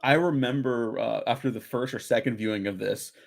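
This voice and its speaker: A man's voice: medium pitch, brisk, gravelly. Laid-back young podcast guy. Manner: laid-back, chuckling, filler-heavy. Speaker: podcast co-host. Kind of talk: casual movie commentary chat.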